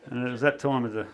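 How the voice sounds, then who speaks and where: A man's voice: mid-range voice, heavy background noise. A middle-aged man with an Australian accent doing a stand-up set in a backyard shed, rambling through stories and laughing at his own jokes. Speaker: stand-up comedian. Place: backyard shed gig with a small live audience.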